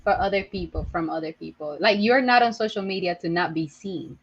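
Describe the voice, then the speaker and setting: A woman argues her view in a casual group discussion, building her point step by step. Her voice is slightly husky. The recording sounds dull and lo-fi. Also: on the low side, a little fast.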